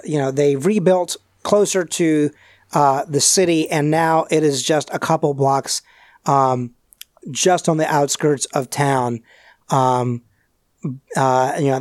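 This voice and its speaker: A man's voice: a little high, dry recording, studio quality. A man narrating a tabletop role-playing game as game master in a loose, rambling way, with many "um"s and "uh"s.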